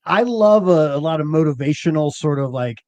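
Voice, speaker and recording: A man chatting casually as a podcast host, rambling and self-deprecating, with halting restarts. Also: fairly high pitch, expressive, darkish tone, no room sound. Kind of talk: casual chat.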